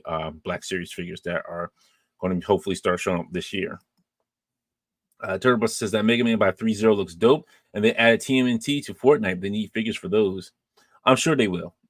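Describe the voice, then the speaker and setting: A man hosting a podcast, casually reading and answering live chat comments in a relaxed, rambling way with many fillers and restarts. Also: sits low, dry recording.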